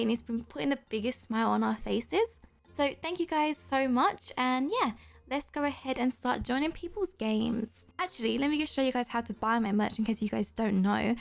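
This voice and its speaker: Brief: young-sounding woman game streamer, high voice with vocal fry, bubbly, gasps and squeals a lot. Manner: excitable, gushing, frequent gasps and squeals; talks straight to viewers. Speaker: YouTuber host. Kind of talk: Roblox gameplay commentary.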